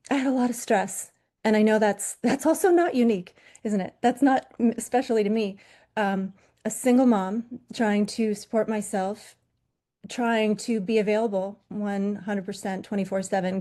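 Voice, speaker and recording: Woman, 40s, yoga teacher from Los Angeles, candid storyteller, middle pitch, loose with fillers. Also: warm tone. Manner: earnest, candid, many fillers and self-corrections. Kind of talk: personal storytelling talk.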